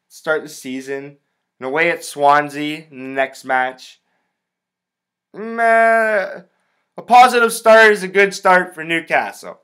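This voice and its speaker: Young american guy ranting casually about soccer on his podcast, bright voice, swears a ton. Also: on the high side. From United States. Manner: profane, rambling, blunt. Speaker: podcast host. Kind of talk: casual solo sports commentary.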